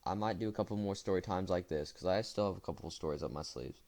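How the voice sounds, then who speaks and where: This young vlogger talks fast in a low-pitched, slightly mellow voice, casually rambling through a story for his viewers. He fills it with fillers, restarts and self-corrections.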